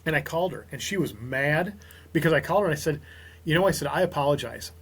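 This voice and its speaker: A man, a small business owner from Minnesota, talking as a podcast guest and telling lively stories with quoted dialogue. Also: on the high side, fast, husky. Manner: animated storyteller, quotes others in dialogue. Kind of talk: casual podcast conversation.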